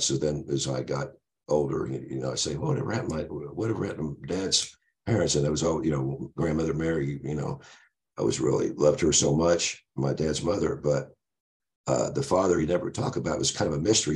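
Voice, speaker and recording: A man's voice: deep voice, a little mellow. A man in his sixties, a podcast guest, telling a long story casually and ramblingly with many asides.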